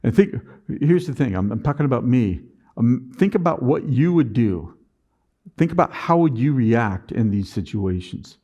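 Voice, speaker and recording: A middle-aged man speaking at a conference, telling a personal business story and acting out his past self in an animated way. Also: mid-range voice, normal speed.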